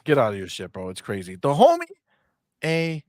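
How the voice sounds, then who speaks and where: A man hosting a casual gaming podcast, brash and profane, mocking people and sometimes breaking into loud shouts. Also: medium pitch, huge pitch swings, fairly quick, dry recording. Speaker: podcast host.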